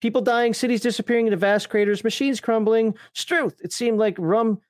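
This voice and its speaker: A man's voice: high-pitched, racing, warm tone, no echo, clean studio sound, close to an everyday voice. A man reading a game book aloud in character, voicing a male outback survivor who tells the tale of the apocalypse. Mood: storytelling.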